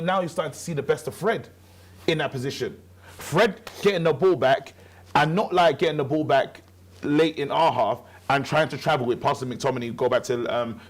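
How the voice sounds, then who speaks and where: A man co-hosting a casual football chat, talking with passion and repeating his points for emphasis. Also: on the high side. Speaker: co-host.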